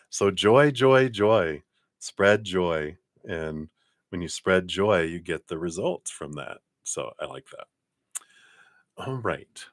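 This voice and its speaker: Deep-voiced man giving a tarot reading. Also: dry recording, clean studio sound. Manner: chatty, encouraging, thinks aloud with fillers. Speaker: tarot card reader. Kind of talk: casual live tarot reading.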